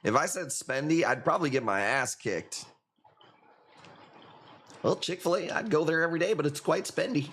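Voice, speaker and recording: A man's voice: on the high side, lively intonation, normal speed, pauses often, a bit bright. Laid-back Chicago guy hosting a stream. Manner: laid-back, profane, laughing often. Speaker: livestream host selling corals. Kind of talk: casual livestream chat.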